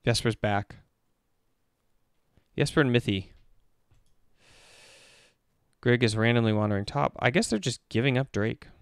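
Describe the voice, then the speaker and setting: A man who works as an esports performance coach gives casual, animated commentary as he breaks down a game replay step by step. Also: mid-range voice, a little slow, long pauses, clear, resonant tone, no room sound, studio quality.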